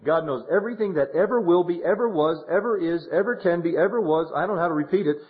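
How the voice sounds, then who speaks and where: A man's voice: sits high, fast. Preacher man on a dull lo-fi tape. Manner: animated, swings from hushed to loud exclamations. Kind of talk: sermon with retold counseling story.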